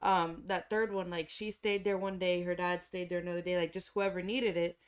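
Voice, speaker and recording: A woman's voice: fairly low pitch, little pitch movement, brisk, clear, resonant tone. Woman chatting on a podcast, says like every other word, rambly. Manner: rambling, fills with "like" constantly. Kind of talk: casual chat.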